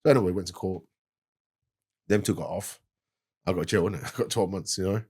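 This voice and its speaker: Fast-talking husky London man. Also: low-pitched. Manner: animated, laughing, fast street slang. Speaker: podcast guest. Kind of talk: casual storytelling.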